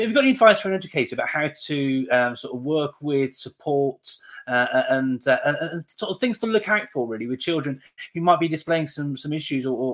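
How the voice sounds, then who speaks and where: A man's voice: medium pitch, a bit bright. A man hesitantly asking an interview question, with many fillers and restarts.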